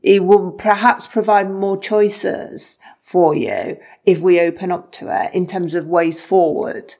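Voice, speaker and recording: A woman co-hosting a spiritual talk, asking questions quickly and restarting when she thinks aloud. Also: on the low side, fairly even intonation, dark tone. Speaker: co-host. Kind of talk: conversational interview.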